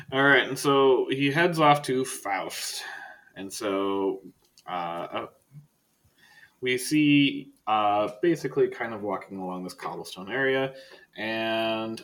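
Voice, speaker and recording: Halting man running a tabletop game. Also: on the low side, a bit bright. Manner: casual, halting, with many fillers. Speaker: game master.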